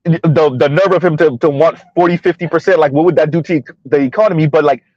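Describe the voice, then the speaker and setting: A man's voice: a little high, fairly even intonation, quick pace, a little mellow, no room sound, muffled recording. A man hosting a casual commentary channel while driving, chatting loosely, laughing often and tagging sentences with "right?". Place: inside a car on the road.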